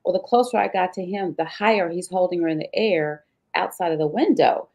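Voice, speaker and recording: A woman with a low, gravelly voice recounts her own hard story as an interview guest. She tells it vividly, slipping into the voices of the people involved. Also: fairly quick, darkish tone. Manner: vivid retelling, acting out dialogue. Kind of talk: emotional personal storytelling.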